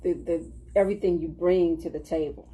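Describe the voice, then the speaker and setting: Guest: woman with a low, very dark voice, earnest and appreciative. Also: steady tone, fairly quick, poor audio. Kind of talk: casual talk show chat.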